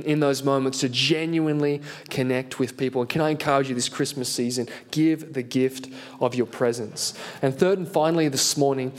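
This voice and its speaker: A man preaching a sermon as pastor, earnest and animated, telling a self-deprecating story. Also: mid-range voice.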